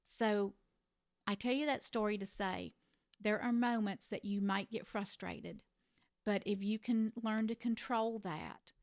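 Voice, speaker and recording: A middle-aged woman who cared for a parent, telling a personal story to the camera in an earnest, reflective way with gentle emphasis. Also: medium pitch, fairly even intonation, a little slow, creaky, no echo, studio quality. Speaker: family caregiver sharing advice.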